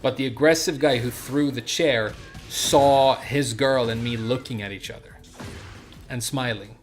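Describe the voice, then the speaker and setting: Young male streamer, easygoing, rambling storyteller, mid pitch, faint music under him. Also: unhurried. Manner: relaxed, rambling, full of fillers. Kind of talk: casual storytelling while gaming.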